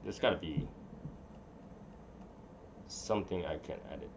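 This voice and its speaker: A man's voice: deep voice, unhurried, muffled recording, background noise. A man hosting a casual live stream, rambling and muttering to himself as he fiddles with his settings in a room at home. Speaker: livestream host.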